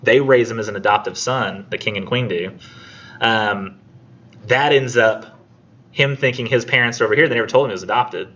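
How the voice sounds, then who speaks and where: A man's voice: mid-range voice, pushed and bright. A man teaching a college English class in a casual lecture, chatty and acting out the characters' lines as he retells the story. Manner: chatty, acts out characters' lines in quick voices. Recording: muffled classroom recording with faint noise.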